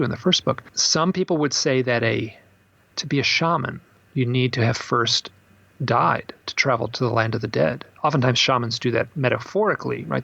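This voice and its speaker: Male author as podcast guest, husky and gravelly, animated storyteller, dull dry recording. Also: medium pitch, no room sound. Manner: animated storyteller acting out quoted voices. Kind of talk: storytelling in a casual interview.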